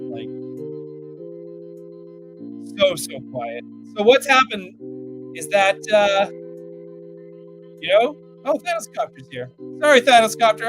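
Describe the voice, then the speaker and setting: A man's voice: high-pitched, a bit bright. A man co-hosting a casual live stream, rambling and apologetic as he fumbles with the tech. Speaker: podcast co-host.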